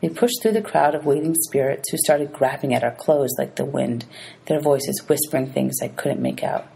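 Woman teacher reading a novel aloud, husky voice, dark tone, steady pace. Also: very deep voice, normal speed, poor audio. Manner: steady read-aloud, announces page numbers.

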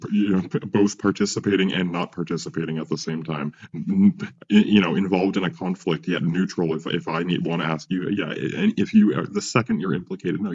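A man's voice: low-pitched, a little mellow, breathy edge, dull audio. A man ranting in a rambling, profane monologue, full of restarts and asides, as a vlogger.

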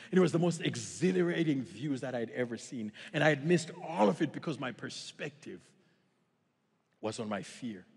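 A man from Africa preaching a sermon in a church auditorium, with animated, expressive storytelling. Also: mid-range voice, creaky, husky. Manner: animated and expressive, acting out dialogue, then earnest in the closing challenge. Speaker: guest pastor. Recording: long church-hall reverb.

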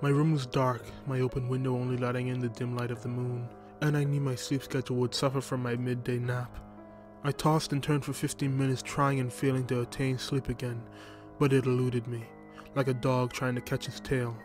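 A man narrates a first-person horror story in a flat, even voice that barely rises or falls. His pitch is ordinary for a man. Music runs underneath the whole reading. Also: brisk.

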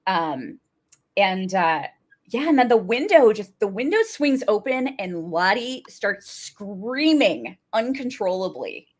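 A woman's voice: medium pitch, takes it slowly, breathy edge. A woman co-hosting a podcast, recapping a TV episode in casual chat, acting out quotes and laughing often. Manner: animated storytelling, acts out quotes, laughs often. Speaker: podcast co-host.

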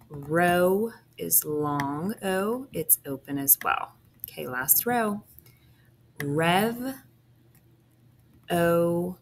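A woman's voice: sits low, gravelly, a bit bright, a little hiss or hum. A woman teacher walking through a phonics packet, patiently sounding out each syllable step by step. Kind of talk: phonics lesson walkthrough.

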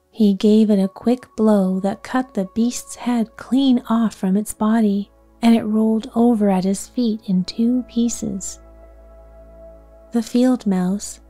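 Woman narrating a whispered bedtime story reading, soothing and hushed, very slow, dark mellow tone, faint music beneath. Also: mid-range voice.

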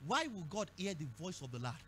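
A man with a Nigerian accent preaching a sermon at a church service, repeating phrases and breaking into shouts. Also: sits high, sing-song, brisk, slight background noise. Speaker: pastor.

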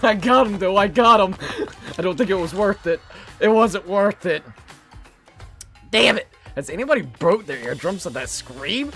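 A game streamer giving profane live commentary, shouting and laughing at the game. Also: medium pitch, expressive, moderate pace, faint music behind.

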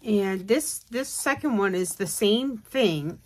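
A woman's voice: mid-range voice, animated, slow pace, slight background noise. A woman hosting a craft video, talking casually and rambling with many fillers while tired and yawning. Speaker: craft channel host. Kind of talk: casual show-and-tell chat.

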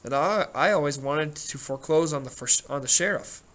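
A man's voice: a little high, normal speed, a bit bright, natural voice. A man doing a dry, sarcastic banker. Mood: dry teasing. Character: wry, teasing male banker in his prime.

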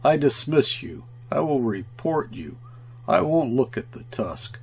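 A man reading aloud, voicing an anxious, indignant male trading agent who stammers in anger, with a husky voice. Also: medium pitch, very animated, measured pace, heavily acted. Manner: stammering when angry.

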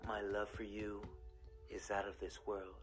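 A man voicing a smooth-talking romantic male lead from a cheesy movie, crooning low. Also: completely flat delivery, a little slow, faint music behind, close to an everyday voice.

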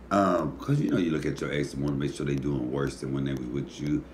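A man comedian talking in a casual comedic monologue, animated and profane, teasing his listeners. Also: a bass voice, quick pace, slight background noise.

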